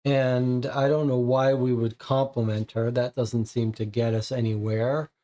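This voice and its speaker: A man's voice: medium pitch, flat delivery, unhurried, mellow. Man thinking aloud through a board game. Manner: thinking aloud, casual, reading text out. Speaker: streamer playing a co-op board game. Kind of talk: live game playthrough, reading cards and chat.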